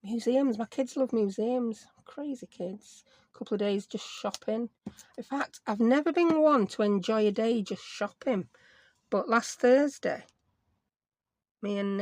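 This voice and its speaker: A woman's voice: on the high side, no room sound. A middle-aged woman with a Yorkshire accent, chatting and rambling casually as she crafts on her own channel, self-mocking and talkative. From Yorkshire, England.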